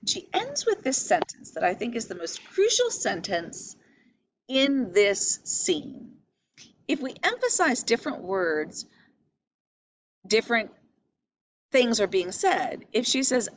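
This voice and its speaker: A woman's voice: medium pitch, big pitch swings, measured pace, a little hiss or hum, poor audio. A woman teaching a lecture on a play, explaining patiently, asking questions and stressing key words. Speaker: literature teacher.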